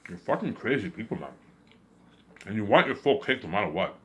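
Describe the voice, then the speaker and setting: Deep-voiced man ranting in agitation. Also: sing-song, a little fast, fairly bright tone, a little hiss or hum. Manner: agitated, repetitive, accusing. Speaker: vlogger. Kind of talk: ranting monologue to camera.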